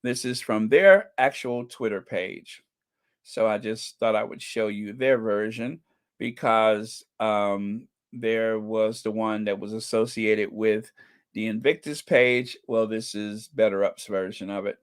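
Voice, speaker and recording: A man's voice: lowish voice, slow pace, clear, resonant tone. Gushing man hosting a livestream. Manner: gushing, repeats phrases; reads viewer comments aloud. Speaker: channel host. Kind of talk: casual livestream chat.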